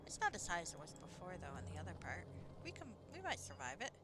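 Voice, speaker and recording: A woman's voice: on the low side, huge pitch swings, fast, background noise. A woman streaming a game live, chatting casually in a rambling way and swearing now and then. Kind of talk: casual live gameplay commentary.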